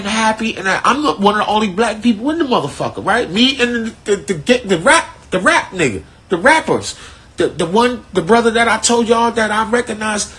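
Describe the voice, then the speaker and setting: A man telling a long story in a loose, animated way, heavy on profanity and street slang, over a phone on a live stream. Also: sits high, slightly rough. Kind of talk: casual storytelling.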